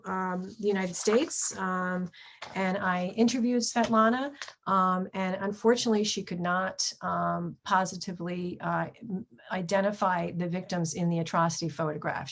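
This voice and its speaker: A middle-aged woman, a history professor, giving a lecture with slides, pausing often on ums and restarting her sentences. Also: lowish voice. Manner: halting, frequent ums and restarts.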